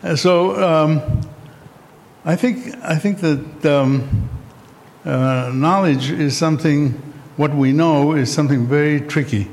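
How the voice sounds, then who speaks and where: Slow and slightly high, with a darkish tone, a man addresses a panel in a lecture hall. He's hesitant, saying um a lot, slips in a joke, and speaks louder when the mic gives out.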